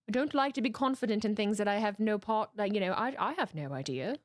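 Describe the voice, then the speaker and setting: Talking fast with barely a pause, this woman hosts a live watch-along, teasing her viewers and addressing chat as "my darlings." Her mid-range voice is animated, and the desk mic setup with headphones yields a dry, clean studio sound.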